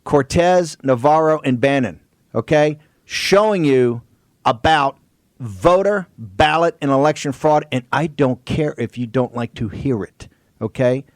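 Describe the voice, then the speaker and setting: A man hosting a political talk radio show, forceful and quick to cut in on his guests. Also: medium pitch, no room sound, studio quality. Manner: forceful, interrupts guests, rapid asides. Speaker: host.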